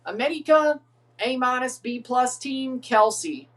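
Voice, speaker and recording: A man's voice: very high voice, unhurried, a bit bright, far from the mic. A man chatting casually while hosting a live match watchalong, rambling and reading team lineups aloud. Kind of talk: casual live reaction chat.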